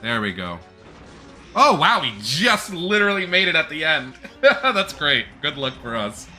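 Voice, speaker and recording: Bright-voiced man chatting over gameplay. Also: a little high, a little slow, soft background music. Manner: chatty, jokey, animated. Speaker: gameplay streamer. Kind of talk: casual gameplay commentary.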